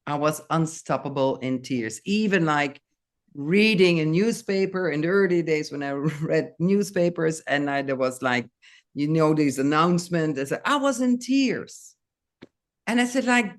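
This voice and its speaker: An older woman, a guest in a casual interview, speaking slowly and haltingly with many restarts. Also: deep voice, animated.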